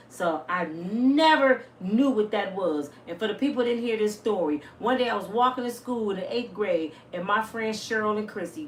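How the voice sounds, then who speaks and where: A woman in her fifties talking casually and bluntly to her viewers, telling stories with salty, animated energy. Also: on the low side. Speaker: vlogger. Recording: roomy, a bit distant, faint hiss.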